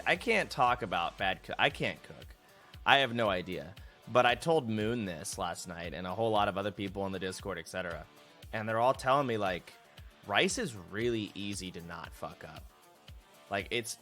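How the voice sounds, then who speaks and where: A man's voice: lowish voice, pushed and bright. Loose, profane young man streaming. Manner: loose, profane, laughs at himself. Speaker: livestreamer. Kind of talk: casual stream chat. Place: home streaming room, indoors.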